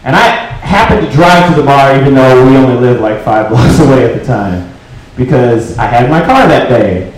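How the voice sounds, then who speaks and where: A man doing a stand-up comedy set on a club stage, swearing freely and breaking into shouts for emphasis. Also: mid-range voice, lively intonation, normal speed. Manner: profane, emphatic, bursts into shouting. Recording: echoey live room.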